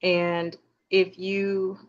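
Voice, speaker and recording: A woman talks slowly and thoughtfully on a podcast, her voice sitting a little low for a woman. She takes her time over each point. The recording sounds dull and muffled. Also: flat delivery. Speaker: podcast co-host. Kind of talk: casual chat. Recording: muffled lo-fi audio.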